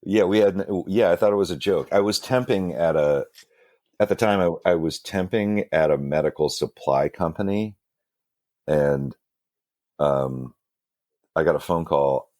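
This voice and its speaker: A guest musician and band singer with a deep, slightly mellow voice tells rambling, self-deprecating stories in a casual interview, unhurried and full of fillers and restarts. The studio sound is clean, with no room sound.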